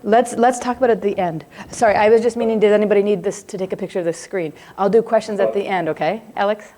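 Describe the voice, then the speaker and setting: A middle-aged woman talks fast in a mellow, mid-range voice with fairly even intonation. As a psychology lecturer in a live class, she's roundabout and conversational, prone to asides and easy laughter, and keeps asking if her students are with her.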